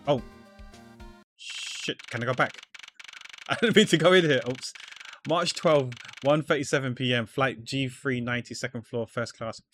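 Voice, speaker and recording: A man gives casual let's-play commentary, rambling as he works things out aloud. His voice sits at an ordinary pitch. Faint game music plays behind him. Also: measured pace, a bit bright. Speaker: streamer.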